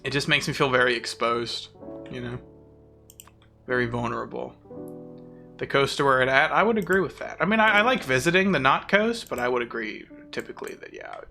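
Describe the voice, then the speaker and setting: A man's voice: medium pitch, brisk, creaky, pushed and bright, faint music behind. A man from the southern United States with a mild southern accent, chatting casually and rambling while streaming a game and reading chat aloud.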